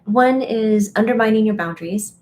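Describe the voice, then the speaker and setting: A woman's voice: fairly high pitch, moderate pace, darkish tone, a little hiss or hum. Chatty woman on a live stream. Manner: chatty, acts out quoted voices, laughs often. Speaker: medium and teacher. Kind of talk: casual live stream talk. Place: home or studio, live stream.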